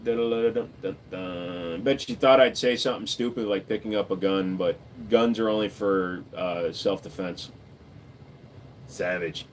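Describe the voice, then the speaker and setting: Man, livestream host answering chat, relaxed and jokey, casual swearing. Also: medium pitch. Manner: laid-back, joking, swears casually, lots of "uh" and "dude".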